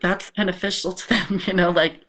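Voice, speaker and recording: Earnest halting woman, podcast guest. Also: on the low side, fairly even intonation, fairly bright tone, rough recording. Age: adult with children. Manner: earnest, halting, many restarts. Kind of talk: candid personal conversation. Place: home apartment.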